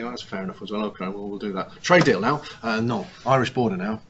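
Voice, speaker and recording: A man's voice: on the low side, fast, hardly any pauses, muffled recording, noisy background. A man giving a live talk on negotiation to a small audience, conversational and fond of rhetorical tag questions. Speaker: negotiation speaker. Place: meeting room with an audience.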